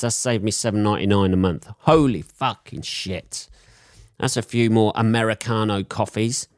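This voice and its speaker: A man's voice: lowish voice, no echo, studio quality. A man with a sore throat from a cold, hosting a solo podcast and rambling in crude, profane jokes. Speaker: podcast host.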